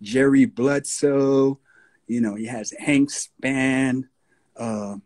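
A man in his sixties with a New York accent, a guest recalling his past in a relaxed storytelling interview. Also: medium pitch. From United States. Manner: slow, unhurried storyteller with husky tone, breaks into voices of radio DJs.

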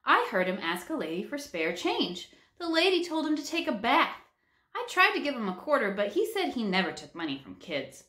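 A woman's voice: fairly high pitch, huge pitch swings, moderate pace, pushed and bright, voice pushed up, heavily acted. A woman doing an eager little schoolgirl. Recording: roomy echo.

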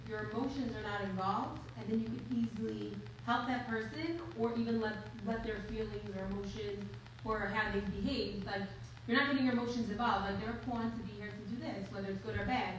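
A woman's voice: mid-range voice, steady tone, brisk. A woman taking part in a class discussion, speaking in a hesitant, thoughtful way. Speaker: class participant. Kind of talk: casual discussion. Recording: distant, very echoey, noisy.

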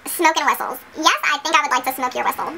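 A woman's voice: high-pitched, fast, pushed and bright. A woman beauty vlogger in goofy blooper chatter, silly and giggly with crude jokes. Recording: noisy background.

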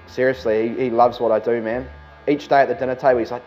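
A man's voice: mid-range voice, fairly even intonation, normal speed, lo-fi sound, faint music behind. A man telling crude, boastful stories in a joking way. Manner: boastful crude yarn-spinning. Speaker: fake parking inspector. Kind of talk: joking storytelling.

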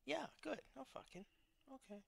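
A man's voice: extremely high pitch, moderate pace, gravelly, a bit bright, slight background noise. A man chatting casually to himself while knitting, muttering and making playful nonsense sounds. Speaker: vlogger.

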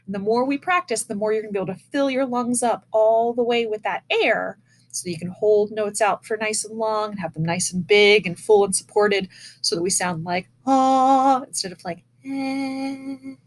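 Seated indoors in a chair with a camera facing her, a woman patiently teaches an online music lesson for kids and demonstrates breaths as she goes. Her voice is medium in pitch and fairly quick.

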